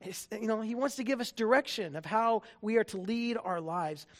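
Very high-voiced male pastor preaching. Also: normal speed. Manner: conversational, jokey, frequent restarts. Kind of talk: sermon.

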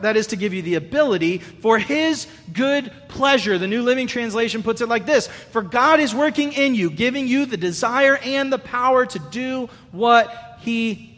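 High bright-voiced preacher in a reverberant hall. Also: male voice. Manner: earnest, conversational preaching with many restarts. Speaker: pastor. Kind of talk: sermon.

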